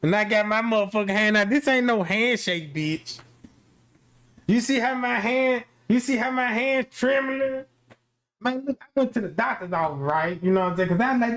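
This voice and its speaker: A man's voice: high voice, animated, normal speed. A man telling a rambling, profane comic story in slangy street talk, full of fillers like "you know what I'm saying".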